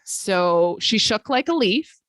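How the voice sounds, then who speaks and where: A woman's voice: medium pitch, sing-song, slow, fairly bright tone, no echo. A woman travel sales coach hosting a coaching call, telling stories in a chatty way with exclamations.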